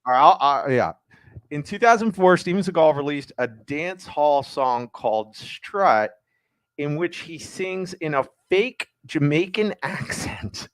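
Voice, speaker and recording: A man's voice: fairly high pitch, animated, dry recording. Teasing man co-host, dry sound. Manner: teasing, reads aloud slowly and deliberately. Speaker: podcast co-host. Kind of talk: casual chat.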